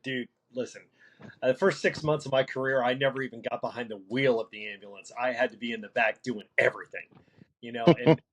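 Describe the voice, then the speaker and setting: A man who works as a paramedic, talking through a casual podcast conversation in a halting way, with many restarts and fillers. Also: medium pitch, steady tone, fairly bright tone, rough recording. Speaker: paramedic guest.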